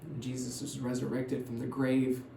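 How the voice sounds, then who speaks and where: Man, pastor, conversational sermon storytelling, shifts between loud and hushed, echoey church, faint hum. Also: medium pitch, monotone, moderate pace, creaky. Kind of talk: sermon retelling a Bible story. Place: church sanctuary.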